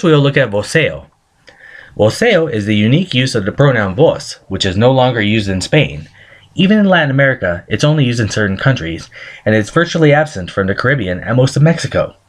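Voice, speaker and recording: A man reading a scripted screencast presentation, carefully sounding out pronunciation examples. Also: mid-range voice. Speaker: student presenter.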